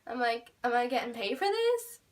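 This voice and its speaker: A teenage girl with an Irish accent telling a storytime vlog, animated and swearing, full of "like" fillers. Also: fairly high pitch, moderate pace, recorded from a distance, low-quality recording. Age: teens. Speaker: beauty vlogger.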